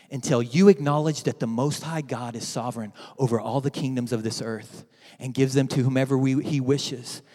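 A man's voice: a little high, a little mellow, in a large hall, voice pushed down, lightly acted. A man preaching, voicing a stern, solemn voice from heaven that pronounces judgment.

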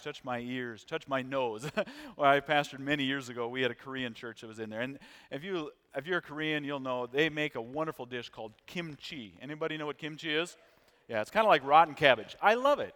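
A middle-aged American man preaching a sermon, telling stories in a conversational, animated way and asking the congregation questions. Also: a little high. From United States. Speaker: visiting missions preacher. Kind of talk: sermon with storytelling. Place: church sanctuary. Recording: long reverb of a large church hall.

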